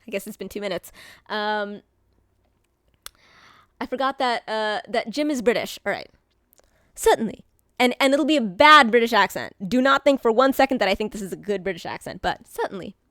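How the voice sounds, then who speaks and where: A woman streaming live, talking casually to her chat in a rambling way, with many fillers and restarts and bubbly bursts of excitement. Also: on the high side, brisk, no room sound, studio quality.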